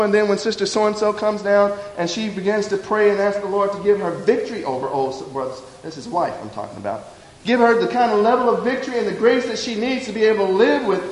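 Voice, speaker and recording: A man preaching a sermon with passion, dropping low and soft when he voices a confession. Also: fast talker, echoey room, long reverb tail, rough recording. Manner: impassioned, drops low and soft for quoted confessions.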